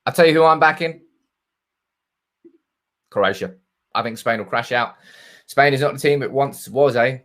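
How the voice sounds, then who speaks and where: A man's voice: mid-range voice, lively intonation, moderate pace, pauses often, fairly bright tone. Chatty male football streamer. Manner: chatty, reading viewer comments aloud. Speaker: football channel host. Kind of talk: live-stream chat.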